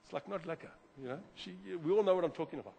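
A man preaching a sermon as pastor, animated, repeating words and swinging from loud to quiet. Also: fairly high pitch, rapid-fire, gravelly. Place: church hall. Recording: long hall reverb.

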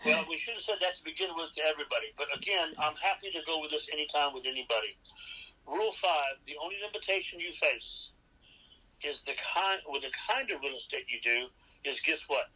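A man's voice: fairly high pitch, fairly quick, pushed and bright, slightly rough, rough recording. A man, a real estate expert guest on a podcast, giving seminar-style advice as numbered rules and often checking in with "okay?".

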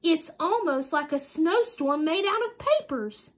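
A woman's voice: extremely high pitch, expressive, a little slow. Woman doing an eager little boy civet. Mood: wondering. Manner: eager, exclaiming.

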